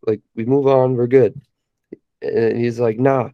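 A young man co-hosting a podcast, telling a long story in a relaxed way, laughing often and filling with "like". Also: medium pitch, measured pace, no room sound, lo-fi sound. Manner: laid-back storyteller, laughs often, many fillers. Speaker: podcast co-host. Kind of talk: casual chat.

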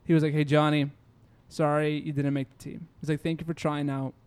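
A young man telling a story in a casual chat with friends, animated and laughing, acting out what people said. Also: a little high, a little fast, clear, resonant tone. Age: young adult. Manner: animated, storytelling, acts out quotes, laughs often.

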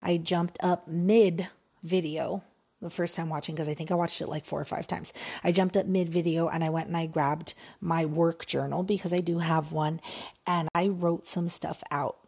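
A woman hosting a casual solo podcast, talking in an animated, emphatic way and repeating phrases for effect. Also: fairly low pitch, normal speed, vocal fry, breathy edge. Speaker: podcast host.

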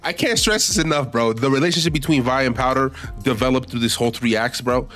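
Male co-host, casual and excitable, heavy swearing, faint background music. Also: mid-range voice, fast. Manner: excitable, swears a lot, says "bro". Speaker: podcast co-host. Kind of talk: casual chat.

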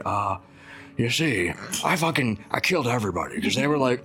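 A man with a fairly low voice playing a tabletop game, swaggering and joking in a goofy manner. Faint music sits underneath. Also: expressive, fairly quick, fairly bright tone. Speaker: player. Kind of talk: in-character role-play.

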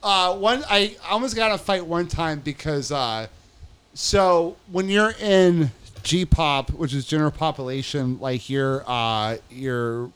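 A man's voice: on the high side, measured pace, fairly bright tone, clear, resonant tone. A young man telling a story in casual chat, rambling and swearing, acting out what others said. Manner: profane, rambling, re-enacts quoted dialogue.

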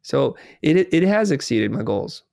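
Animated male storyteller, dry close sound. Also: medium pitch, normal speed, creaky, no room sound. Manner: animated storyteller, acts out dialogue. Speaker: guest. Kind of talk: casual conversation.

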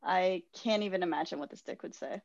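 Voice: medium pitch, a little fast, gravelly, lo-fi sound. A podcast co-host giving blunt, wry reactions in casual chat, swearing freely.

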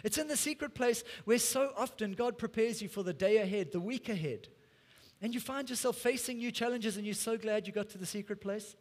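A man's voice: high voice, a little fast, long reverb tail. A man preaching a sermon as a pastor, earnest and conversational, often repeating words as he goes.

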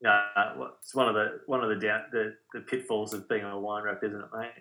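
A man's voice: fairly low pitch, brisk, a little hiss or hum. An Australian man co-hosting a casual podcast, analysing football in a loose, filler-heavy way. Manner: relaxed footy analysis, many fillers. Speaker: podcast co-host. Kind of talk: casual chat.

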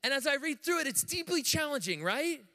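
American man preaching, high voice, bright tone, animated and jokey. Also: brisk, long reverb tail. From United States. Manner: animated, jokey storytelling to a live congregation. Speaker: pastor. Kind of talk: sermon. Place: church room with audience.

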